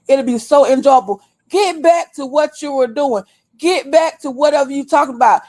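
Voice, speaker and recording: A woman's voice: sits high, moderate pace, a little mellow. A woman over thirty-five, host of a livestream, scolding her viewers bluntly and with a lot of cursing. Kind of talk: heated livestream rant. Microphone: desktop stream mic.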